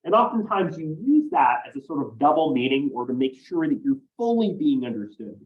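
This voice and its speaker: A man's voice: on the high side, very animated, brisk, phone-quality sound. A man teaching a college class, explaining ideas step by step and often checking in with "right?". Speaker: college instructor. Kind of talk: classroom lecture.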